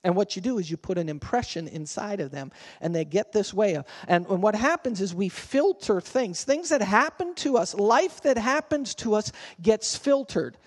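Male pastor, higher voice, conversational sermon with questions to the congregation, church hall reverb. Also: animated, moderate pace, few pauses. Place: church sanctuary.

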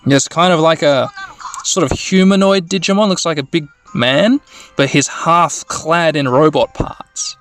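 A man narrating a video game at a gentle bedtime pace, rambling and making wry asides. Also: on the high side, a little slow, soft background music. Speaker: let's play narrator.

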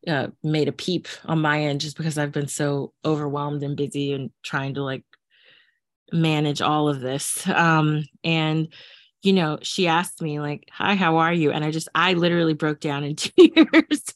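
A woman's voice: low voice, unhurried, no room sound, studio quality. A woman co-hosting a podcast in casual chat, talking in a chatty way with lots of fillers and frequent laughs. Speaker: podcast co-host.

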